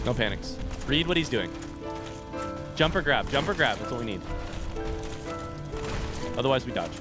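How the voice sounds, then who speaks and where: A man's voice: medium pitch, normal speed. A man streaming a game live, talking to himself and his chat and yelping at near misses. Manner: excitable, yelps and shouts at near misses; talks to himself and chat while playing. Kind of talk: live gameplay commentary. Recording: clear music behind.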